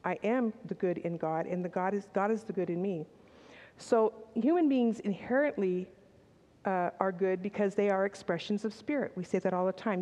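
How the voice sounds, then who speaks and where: A woman's voice: medium pitch, moderate pace, warm tone. An older woman giving a candid, conversational sermon, with personal asides and restarts. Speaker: speaker at a church service. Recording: long reverb in a large hall.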